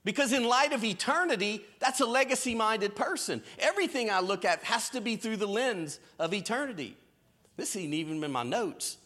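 A man preaching a sermon in a lively storytelling way, with folksy Southern phrasing. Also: sits high, normal speed. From American South. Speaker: pastor. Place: church stage.

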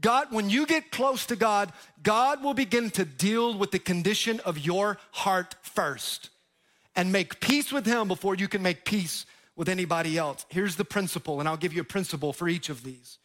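A man preaching a sermon from the pulpit, his voice pitched high for a man. He drives his points home with sudden loud bursts and quiet drops, and tosses playful asides to the crowd. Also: moderate pace. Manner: jokes with the crowd. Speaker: pastor.

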